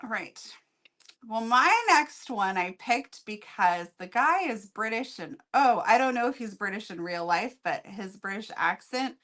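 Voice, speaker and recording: A woman in a casual chat retells a romance novel's plot at an easy, conversational pace. Her voice is mid-pitched and unremarkable, and her manner is friendly and relaxed. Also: measured pace. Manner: relaxed, storytelling plot summary. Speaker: book reviewer co-host.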